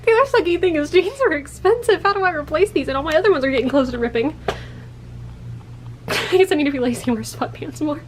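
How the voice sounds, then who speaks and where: College-age woman vlogger, chatty and rambling, high voice. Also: expressive, brisk, a little hiss or hum. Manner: rambling, chatty, laughs when embarrassed. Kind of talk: casual vlog.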